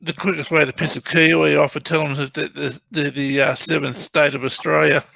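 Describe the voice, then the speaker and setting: A man chatting casually as co-host, halting and restarting as he talks. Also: a little high, little pitch movement, vocal fry, bright, forceful tone, no room sound. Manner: halting, with repeated starts. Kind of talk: casual chat.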